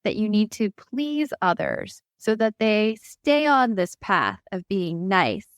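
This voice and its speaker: On a close, dry mic, a woman co-hosting a casual parenting podcast tells stories slowly, her mid-range voice swinging widely in pitch. She acts out what parents say as she goes.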